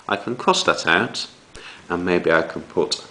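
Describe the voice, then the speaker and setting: A man teaching young children a writing lesson, reading examples aloud with slow dramatic emphasis. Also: low voice, poor audio. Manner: slow, lively delivery with dramatic read-aloud. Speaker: primary school teacher.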